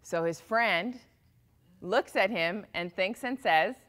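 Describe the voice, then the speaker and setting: A woman telling a motivational story in an animated way, shifting her pace and volume for effect. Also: mid-range voice, takes it slowly.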